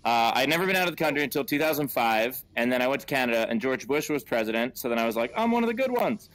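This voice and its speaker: A man's voice: mid-range voice, fairly bright tone. A man, a stand-up comedian hosting a show from home, bantering casually and profanely into a headset mic. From United States. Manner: profane, self-mocking, quick asides. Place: at home, in a virtual-reality venue.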